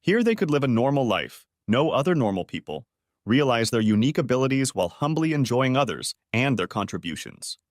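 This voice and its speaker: A man narrating a story in an even, measured audiobook reading style. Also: medium pitch, no room sound, clean studio sound.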